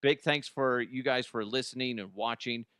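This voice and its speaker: A man hosting a comedy news podcast, ranting sarcastically with lots of swearing, swinging between loud outbursts and mutters. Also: mid-range voice, steady tone, moderate pace, clean tone, no echo, clean studio sound. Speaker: podcast host.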